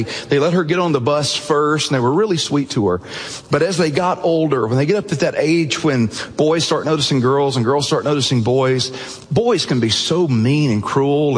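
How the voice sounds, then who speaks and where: A man preaches to a congregation in a church sanctuary. He tells a story with earnest feeling and drops softer at tender moments. His husky voice rings out under the long echo of a large hall. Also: on the high side. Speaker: pastor. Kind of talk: sermon storytelling.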